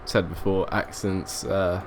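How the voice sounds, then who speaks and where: A man's voice: sits low, little pitch movement, takes it slowly, slight background noise. A young man giving casual, rambling commentary while playing a train simulator, thinking aloud and often restarting his sentences. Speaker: let's play gamer.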